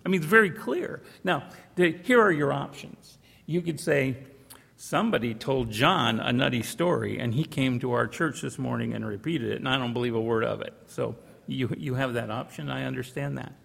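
A man's voice: mid-range voice, moderate pace, gravelly, a bit bright, husky, in a large hall. A man preaching a sermon, telling a folksy story with frequent restarts, in a church. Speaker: pastor.

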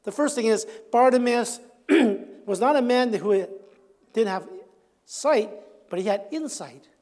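A pastor with a high voice delivers a sermon, animated and storytelling, jumping into the voices of the people he describes. He chuckles often and lets his lines fade softly. The sound rings with a long reverb, as in a large hall. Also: unhurried.

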